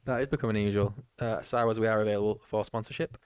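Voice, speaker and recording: A man's voice: lowish voice, fairly even intonation, fast talker, darkish tone, clean tone, dry recording, studio quality. A man co-hosting a podcast, chatting casually with jokes and frequent laughs. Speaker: podcast co-host. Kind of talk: casual commentary chat.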